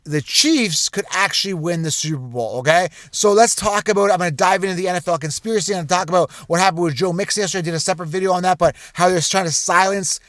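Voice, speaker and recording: High-voiced man ranting to camera. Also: fast talker, hardly any pauses, no room sound. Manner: animated, conspiratorial, repetitive asides. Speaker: sports channel host. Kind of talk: casual direct-to-camera rant.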